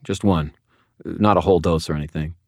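A man's voice: deep voice, steady tone, brisk, vocal fry, dry recording, clean studio sound. A man voicing a battered, wisecracking male wizard in an audiobook, sardonic and a little whiny. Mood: wry. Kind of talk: audiobook character voice.

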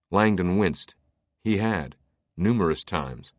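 Low-voiced male audiobook narrator. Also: animated, moderate pace, no echo, clean studio sound. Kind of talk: scripted narration.

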